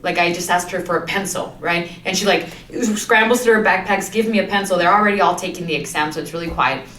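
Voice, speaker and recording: A young woman co-hosting a podcast, telling a story in a lively, laughing, chatty way. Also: on the low side, fast talker, a little hiss or hum. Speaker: podcast co-host. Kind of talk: casual storytelling chat. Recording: roomy, off-mic sound.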